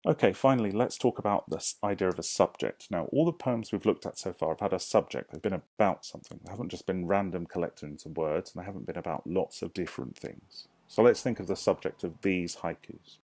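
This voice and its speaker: Recorded close and dry with no echo or room sound, a man with a low, gravelly, somewhat mellow voice teaches a primary lesson. He speaks slowly to young children, asks them questions, and counts out syllables.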